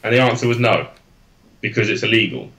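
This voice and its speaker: A man's voice: lowish voice, lively intonation, a little fast, pushed and bright, lo-fi sound. A young man with an Oxfordshire accent, chatting as a guest on a live stream, rambling and correcting himself as he goes, with easy laughs. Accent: Oxfordshire English. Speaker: guest, e-liquid maker. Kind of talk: casual live-stream chat.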